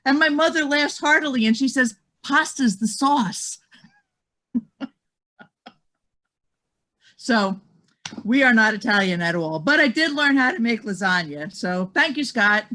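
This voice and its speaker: A man's voice: very high voice, a little slow, long pauses. A man telling a funny story in a casual group chat, acting out the voices. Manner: animated storyteller, acts out voices.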